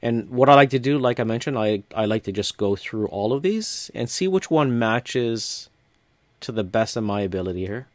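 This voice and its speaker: Male tutorial host, step-by-step casual walkthrough, dry close sound, mid pitch. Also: normal speed, no echo. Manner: relaxed step-by-step narration with casual fillers. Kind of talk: screen-recorded software walkthrough.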